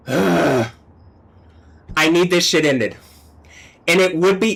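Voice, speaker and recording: A man on a live stream, talking alone in an agitated, profane rant that swings between low muttering and yelling. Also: drawn-out words, creaky. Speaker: livestreamer.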